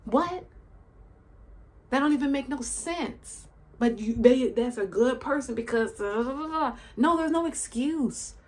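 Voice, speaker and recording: Woman, commentary host, outraged rant, rhetorical questions, casual slang, fairly high voice. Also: a little slow, hardly any pauses, a little mellow. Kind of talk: emotional commentary monologue.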